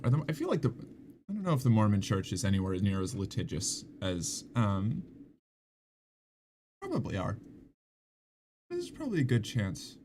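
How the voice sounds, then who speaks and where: A man's voice: lowish voice, very animated, moderate pace, pauses often, darkish tone, a little hiss or hum. A man casually chatting on a live stream, rambling with many restarts and laughing at his own jokes. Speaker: streamer reading chat.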